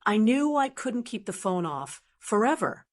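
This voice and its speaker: A woman narrating a first-person story in a calm, steady, measured way. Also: a little high.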